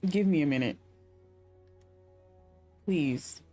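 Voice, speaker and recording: Brief: a woman voicing a sad, guarded Argentine passenger, dry and frank, halting, over soft game music. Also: sits low.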